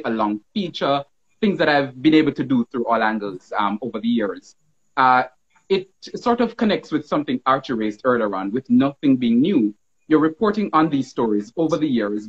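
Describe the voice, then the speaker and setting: Jamaican male reporter, husky, measured delivery, dull lo-fi stream sound. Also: mid-range voice. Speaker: TV news reporter. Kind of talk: casual panel chat.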